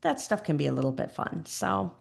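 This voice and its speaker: A middle-aged woman with a Chicago accent talks as a podcast guest. Her voice sits low and carries a gravelly, creaky edge. She speaks thoughtfully, restarting sentences as she searches for the right words. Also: big pitch swings, fairly quick. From Chicago area, USA. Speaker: podcast guest, grief educator. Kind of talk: reflective conversational interview.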